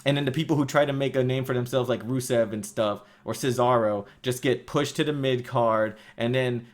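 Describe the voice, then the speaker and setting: A man's voice: mid-range voice, steady tone, normal speed. A man delivering an angry, profanity-filled rant as a vlogger, cursing constantly and mocking his target with sarcastic quotes. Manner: heated, sweary, sarcastic mock quotes. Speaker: wrestling vlogger.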